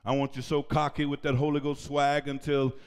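A male pastor preaching a sermon in a church, shouting at times and leading call-and-response with the congregation. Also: on the high side, completely flat delivery, brisk, clean tone. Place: church sanctuary. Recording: reverberant church hall.

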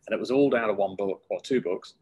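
A middle-aged man speaks as a guest in a relaxed interview. His voice is low and a little husky. He tells stories with lively energy and slips into acted voices when he quotes people. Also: fast, poor audio. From United Kingdom. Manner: lively storyteller who acts out quoted voices. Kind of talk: casual interview storytelling.

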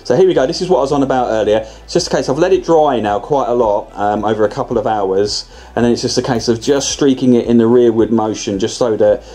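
A man's voice: mid-range voice, quick pace, hardly any pauses, mellow, soft background music. A man narrating a scale-model tutorial in a casual, chatty way, often restarting and correcting himself as he explains. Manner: rambling, chatty, self-correcting, with many restarts.

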